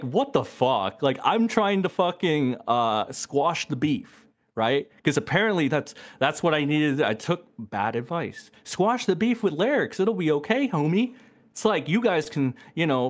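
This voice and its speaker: A man's voice: fairly high pitch, very animated, a little slow, hardly any pauses. A man on a voice call, arguing in a heated, profane rant. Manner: angry, ranting, swears a lot. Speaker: streamer in a debate.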